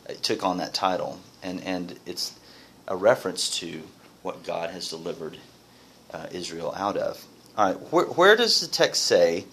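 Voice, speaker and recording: A man's voice: low voice, fairly bright tone, low-quality recording. Man leading a Bible class. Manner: questions the class, reads scripture aloud. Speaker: Bible study teacher. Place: classroom with a small group.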